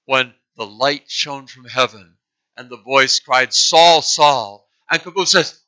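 Bright-voiced man preaching a story. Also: mid-range voice, poor audio. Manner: earnest, halting with repeated restarts. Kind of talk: sermon storytelling.

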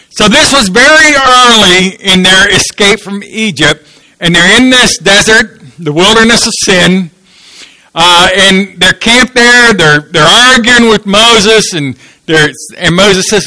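A man preaching a sermon in a high, ringing, very bright voice. He tells the story and keeps asking his listeners questions. The sound is dry and close, with no room echo. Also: lively intonation, takes it slowly. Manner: storytelling, asks the audience questions.

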